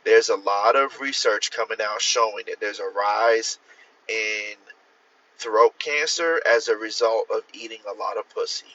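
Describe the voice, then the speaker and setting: Brash, bright-voiced man on a phone livestream. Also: fairly low pitch, unhurried, lo-fi sound. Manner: profane, rambling, talks straight to viewers; answers viewer comments. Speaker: author hosting a livestream. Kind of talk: casual livestream chat.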